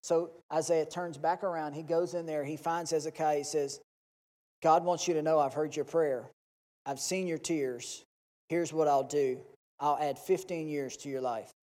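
A male pastor preaching a Sunday sermon, his voice a little higher than most men's. He swings between quiet reflection and impassioned, pleading prayers he acts out. A long reverb trails behind him in the church. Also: steady tone, normal speed.

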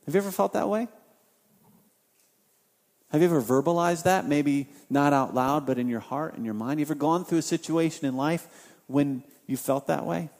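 A man preaching a sermon, swinging from loud, impassioned outbursts to quiet appeals and repeating phrases for emphasis. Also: fairly high pitch, gravelly. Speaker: pastor. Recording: long hall reverb.

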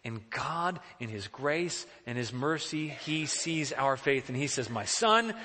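A male pastor preaching in an earnest, emphatic manner, often posing questions to his listeners. His voice is bright and clear, at a middle pitch. It carries through a church hall with a long echo. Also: a little slow, slight background noise. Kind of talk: sermon.

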